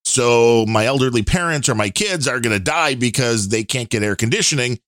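An opinionated man hosting a casual talk show, with a middle-pitched voice. He chats easily, trailing off with fillers now and then. The sound is close and dry. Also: lively intonation, a bit bright, no room sound. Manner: conversational, opinionated, drawn-out pauses and fillers. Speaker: podcast host. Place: Chicago area.

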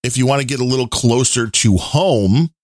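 A man's voice: mid-range voice, dry recording, clean studio sound. Opinionated man hosting a casual show. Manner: conversational, opinionated, drawn-out pauses and fillers. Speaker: podcast host. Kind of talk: casual talk show chat. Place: Chicago area.

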